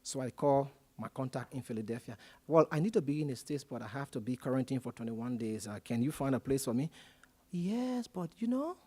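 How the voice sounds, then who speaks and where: Lively man telling a story. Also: mid-range voice, brisk, slightly rough. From Liberia. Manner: animated storyteller acting out quoted dialogue. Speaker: panel speaker. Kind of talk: storytelling talk at a public forum.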